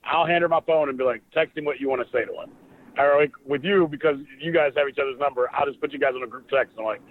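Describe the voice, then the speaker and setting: A man's voice: mid-range voice, fast. A man co-hosting a podcast, chatting in a rambling, conversational way with jokey asides. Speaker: podcast co-host. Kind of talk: casual chat. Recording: dry, tinny phone-like line.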